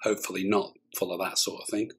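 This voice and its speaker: A man's voice: deep voice, level tone, fast talker, husky. A man co-hosting a film reaction chat, talking in a jokey, rambling way. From Britain. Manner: chatty, jokey, rambling asides. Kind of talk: casual chat.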